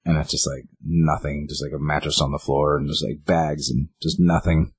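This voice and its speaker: Low husky guy on a podcast, keeps going "he's like" while retelling a comic, dry close sound. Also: fairly even intonation, fairly quick, no echo. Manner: rambling, acts out quotes with "he's like". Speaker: podcast co-host. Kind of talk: casual chat retelling a comic.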